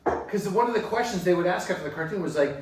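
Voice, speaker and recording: A man chatting casually as a guest, telling stories in an animated way, full of "like" fillers. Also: high-pitched, fast. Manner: animated storyteller, acts out quotes, many "like" fillers. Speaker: cartoon creator guest. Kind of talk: casual chat. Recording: echoey room, mic far off.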